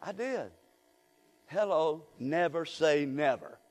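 Brief: older male preacher, high voice, folksy call-and-response, long church reverb. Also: lively intonation, slow, a little mellow. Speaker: guest preacher. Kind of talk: sermon.

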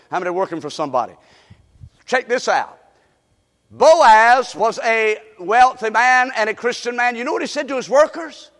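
High-voiced preacher man in echoey hall. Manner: animated, asks the congregation questions. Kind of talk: storytelling sermon.

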